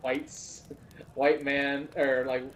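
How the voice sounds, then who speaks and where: A man's voice: mid-range voice, flat delivery, takes it slowly, a bit bright. A man playing a tabletop game, narrating his character's actions and laughing as he goes. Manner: amused, laughs while narrating. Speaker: player.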